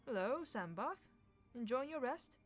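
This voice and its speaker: A woman voicing a jovial, hearty upper-class male government minister with drawn-out exclamations, soft music behind. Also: a little high, very animated, voice pushed up.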